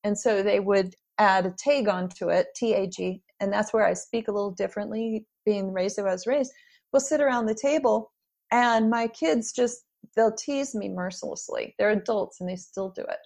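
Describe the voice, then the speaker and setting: A middle-aged woman being interviewed as an author, chatting in a lively, storytelling way and laughing often. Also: medium pitch, normal speed, creaky. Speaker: guest author. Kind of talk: casual interview chat.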